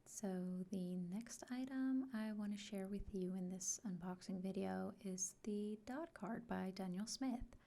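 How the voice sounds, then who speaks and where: A woman giving a soft-spoken unboxing vlog, often sliding into a whisper and talking slowly and gently. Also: mid-range voice, vocal fry. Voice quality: frequently whispered. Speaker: art vlogger.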